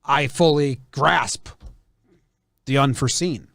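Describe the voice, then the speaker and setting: A man's voice: mid-range voice, slow, gravelly, fairly bright tone, dry recording, clean studio sound. A man hosting a casual podcast, talking loosely and hedging with lots of "like". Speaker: podcast host. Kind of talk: casual chat.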